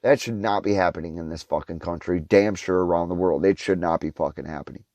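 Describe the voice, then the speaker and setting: A man's voice: sits low, quick pace, a little mellow, no echo. A young man ranting his opinions in a vlog, heated and sarcastic, swearing in nearly every line. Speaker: vlogger. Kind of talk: profane opinion rant.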